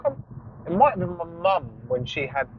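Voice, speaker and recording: A man's voice: a little high, big pitch swings, normal speed. A man co-hosting a podcast in casual, easygoing chat, swearing now and then, while driving a car. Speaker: podcast co-host. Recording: dull lo-fi recording with faint car noise.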